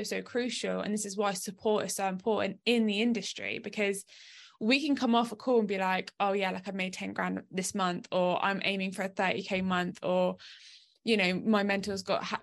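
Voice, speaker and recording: Woman hosting a podcast, gravelly creaky voice, agrees and reflects a lot. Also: medium pitch. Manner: affirming, reflective. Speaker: podcast host, business coach. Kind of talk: casual podcast chat.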